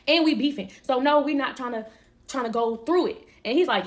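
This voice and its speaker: A young woman telling a casual storytime, emphatic and slangy, acting out what others said and laughing often. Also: sits high. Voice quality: animated, emphatic, quick to laugh. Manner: slangy and expressive, acting out quoted lines.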